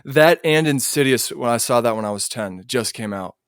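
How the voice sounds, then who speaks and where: Young man with a smooth voice. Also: medium pitch, expressive, fairly quick, dry recording, clean studio sound. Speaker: podcast guest. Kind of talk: casual chat.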